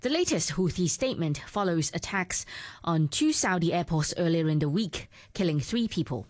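A woman reporter reading a scripted news report in a crisp, even way. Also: lowish voice, normal speed, no room sound.

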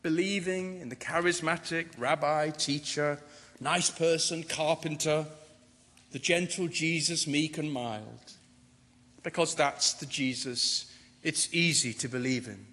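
A man preaching a sermon, building through repeated phrases and slowing down for emphasis. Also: a little high, fairly even intonation, sharp tone. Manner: rhetorical, building repetition with slowed emphasis. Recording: long reverb of a large hall.

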